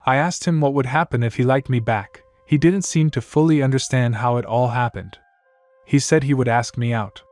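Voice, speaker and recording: A man's voice: mid-range voice, moderate pace, darkish tone, dry recording, close to an everyday voice. A man voicing a nervous, flustered grown man in a read-aloud fan story, in his own plain voice.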